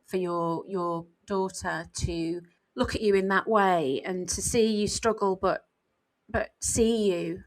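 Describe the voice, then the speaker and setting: A woman's voice: on the low side, fairly bright tone, low-quality recording. Woman, 40s, author co-host; candid, reflective podcast chat, lots of "you know"s.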